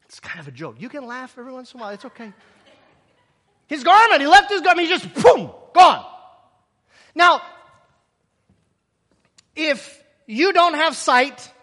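A man preaching a sermon in an animated way, acting out the scenes he tells and dropping sarcastic asides. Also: very high voice, moderate pace, long pauses, big-room sound. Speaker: pastor.

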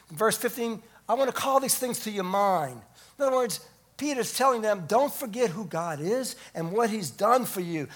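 Preaching as pastor, a middle-aged man alternates between swelling, emphatic peaks and low, quiet drops.

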